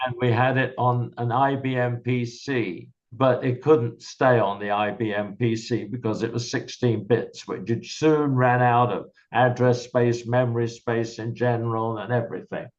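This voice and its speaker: An older man, a guest in an interview, recalls his career in a measured, explanatory way. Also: mid-range voice, steady tone. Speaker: guest, software founder. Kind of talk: candid reminiscing interview. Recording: slightly dull lo-fi recording.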